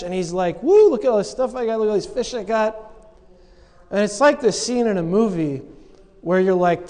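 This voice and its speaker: High-voiced guy preaching, jokey storytelling, big echoey church sound. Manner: animated storytelling, acts out quoted lines with humor. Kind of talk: sermon.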